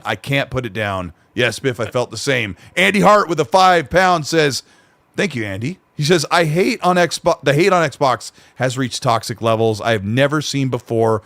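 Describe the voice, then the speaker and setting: Easygoing male podcast host, slightly nasal, higher pitch, dry booth sound, reads out viewer messages. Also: a bit bright, no echo. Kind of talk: casual live-stream chat, reading donations.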